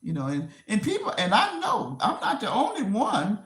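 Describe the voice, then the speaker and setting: A woman's voice: mid-range voice, huge pitch swings, moderate pace, a bit bright. Chatty woman livestreaming from an echoey room. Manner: rambling and repetitive, with frequent laughs. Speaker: livestream host. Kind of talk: casual live-stream chat. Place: at home, clearing a desk. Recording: roomy echo.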